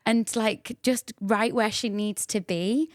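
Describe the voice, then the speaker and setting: A woman hosting a relaxed podcast chat, her voice a little higher than most. She sounds close and dry. She jumps in eagerly to draw stories out of her guest. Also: takes it slowly, dry recording. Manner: enthusiastic, encouraging interjections. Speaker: podcast host.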